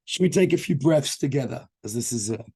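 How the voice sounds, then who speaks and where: A man with a hoarse, nearly spent voice leads an online training over a video call. His delivery is informal and jokey, and he pokes fun at himself. His pitch sits in an ordinary middle range. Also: expressive, fairly quick, mellow. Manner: jokey, self-deprecating, informal.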